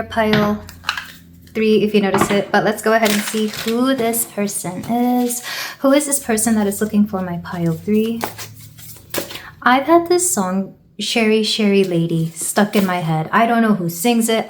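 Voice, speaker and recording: A woman from the United States talks through a casual tarot reading in a middle-pitched voice. She rambles and thinks aloud, leaning on soft fillers as she goes. The room gives her voice a noticeable echo. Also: a little hiss or hum. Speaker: tarot reader.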